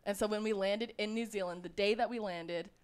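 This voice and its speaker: A woman's voice: mid-range voice, fairly even intonation, a little fast, clear, resonant tone. A woman singer-songwriter from New Orleans, chatting in a rambling, easygoing way as a guest on a radio show. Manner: chatty, rambling storyteller, laughs easily. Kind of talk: casual chat on radio. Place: radio studio.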